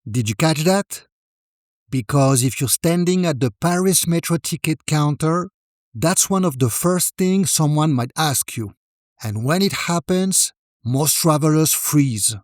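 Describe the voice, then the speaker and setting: Guy teaching french phrases, calm and clear, kinda high voice, dry close mic. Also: no echo. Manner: calm, clear explanations, models French phrases slowly with falling intonation. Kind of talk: scripted narration.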